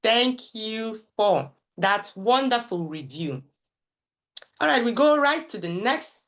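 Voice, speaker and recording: A woman hosting an event, calling up speakers and thanking them in an unhurried, friendly way. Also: on the high side, animated, fairly bright tone. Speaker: event host. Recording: dull lo-fi recording.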